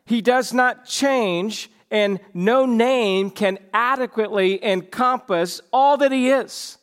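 A man's voice: very high-pitched, slow, fairly bright tone, smooth. A man preaching a morning sermon as pastor, emphatic and shifting his pace for effect.

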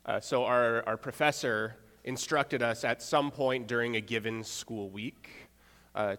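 A young adult man preaching a conversational sermon, relaxed, with rhetorical check-ins and wry asides. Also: mid-range voice. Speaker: pastor. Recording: long hall reverb.

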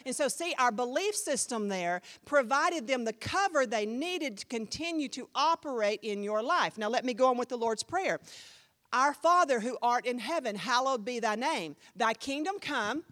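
Woman pastor, high voice swinging all over the place, punchy conversational preaching. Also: expressive, moderate pace, a bit bright. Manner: emphatic, conversational preaching with sudden jumps in volume. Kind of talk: sermon teaching.

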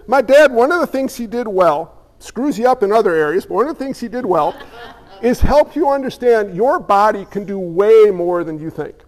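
An emphatic male preacher with a fairly high voice keeps asking the room questions and telling stories. His words carry a long reverb, as if from a church hall. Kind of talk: sermon.

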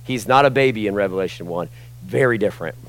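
A man preaching a sermon as pastor, impassioned, swinging between loud emphasis and hushed asides. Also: fairly low pitch, fast, low-quality recording.

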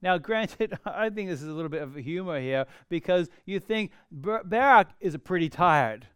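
Here a middle-aged pastor delivers his sermon at a moderate pace, weaving in stories, animated emphasis and humorous, wry remarks. His voice is high, smooth and resonant, recorded close and dry with no echo.

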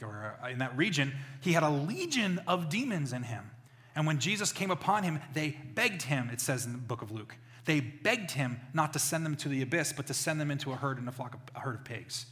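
A man preaching a sermon as pastor, telling stories with loud exclamations and quiet asides. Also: a little high. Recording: reverberant hall.

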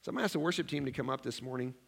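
A man's voice: mid-range voice, very fast, gravelly, husky. A man preaching a sermon as pastor in a church, chatty and self-deprecating, acting out his own worried prayers. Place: church sanctuary.

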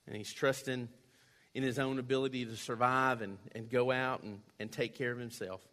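A man's voice: medium pitch, steady tone, normal speed, a bit bright. A man preaching a sermon in a conversational way, acting out quoted voices now and then. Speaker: pastor.

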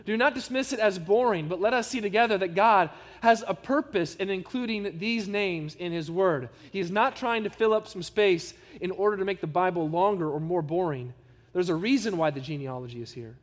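A pastor with a high male voice delivers a sermon. He speaks in an earnest, emphatic way and keeps drawing the congregation in with rhetorical questions. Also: a little fast, hardly any pauses, in a large hall.

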